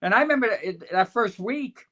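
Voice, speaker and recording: A man's voice: sits high, lively intonation, normal speed, sharp tone. An older man, a sportswriter guest, telling long anecdotes with frequent restarts and chuckles. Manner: rambling, chuckling storyteller with many restarts. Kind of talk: anecdotal podcast storytelling.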